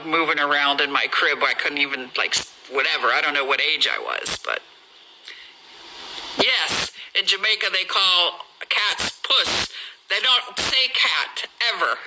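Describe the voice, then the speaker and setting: Middle-aged woman, sharp bright voice, chatty live-stream storyteller, laughs a lot, phone mic. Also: sits low, slight background noise, rough recording. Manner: chatty and animated, laughs often. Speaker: livestream host.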